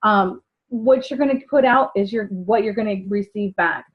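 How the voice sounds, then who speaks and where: A woman's voice: medium pitch, normal speed. A woman giving casual sales training, chatty, acting out what customers say. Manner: chatty, acts out customer dialogues. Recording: dull lo-fi sound.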